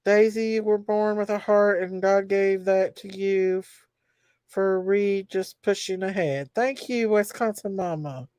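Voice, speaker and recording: A woman's voice: mid-range voice, a little slow, dark tone, smooth, no room sound, clean studio sound. A woman hosting a casual livestream, chatty and emotional as she greets viewers by name. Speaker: livestream host. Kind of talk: casual livestream chat reading comments.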